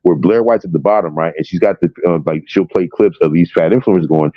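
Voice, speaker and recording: A man's voice: low voice, brisk, few pauses, no echo. A man in casual chat, talking bluntly and emphatically with a lot of swearing. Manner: blunt, profane, emphatic storytelling. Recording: dull lo-fi audio.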